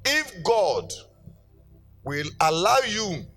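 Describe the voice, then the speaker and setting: Middle-aged pastor, man, high voice, animated sermon storytelling with call-outs to the church, soft music underneath. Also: extremely slow. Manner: animated storytelling, calls out to the congregation in rising sing-song exhortations.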